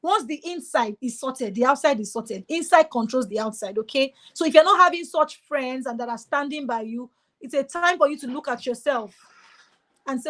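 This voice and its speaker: A woman's voice: high voice, lively intonation, normal speed, a bit bright. A woman giving a motivational webinar talk, emphatic and exhorting, often repeating her key phrases. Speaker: motivational speaker.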